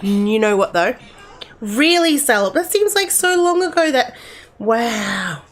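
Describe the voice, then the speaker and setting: A woman's voice: mid-range voice, big pitch swings, a little slow. A middle-aged woman, chatting casually with her live-stream viewers in a rambling way, full of restarts.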